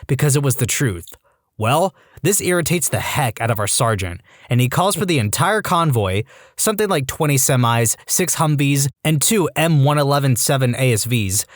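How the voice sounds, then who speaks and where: A man narrating reddit stories in an animated, wry scripted read. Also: mid-range voice, dry recording, clean studio sound. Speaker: story narrator.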